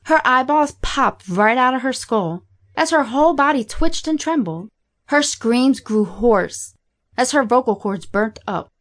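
A woman reading a graphic horror story aloud in a steady, matter-of-fact way. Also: a little high, measured pace. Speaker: narrator. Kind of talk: scripted horror story narration.

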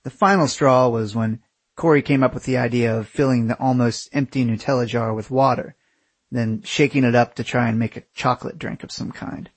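Male narrator, husky and unpolished, swearing freely with sarcastic asides; dry, close sound. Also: medium pitch, steady tone, a little fast, no room sound. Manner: profane, sarcastic, conversational. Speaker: storyteller. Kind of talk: casual spoken storytelling.

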